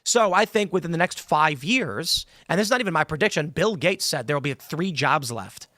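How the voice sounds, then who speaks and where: Argumentative male host, slightly high voice, dry studio mic, talk-show debate. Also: expressive, pushed and bright, no room sound. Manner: pushy, argumentative, quick to interrupt. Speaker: podcast host. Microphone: studio microphone.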